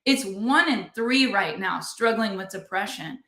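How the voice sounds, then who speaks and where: A woman's voice: medium pitch, lively intonation, unhurried, a bit bright, roomy sound. A middle-aged woman hosting a podcast, telling a personal story straight to her listeners with intense emphasis. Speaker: podcast host.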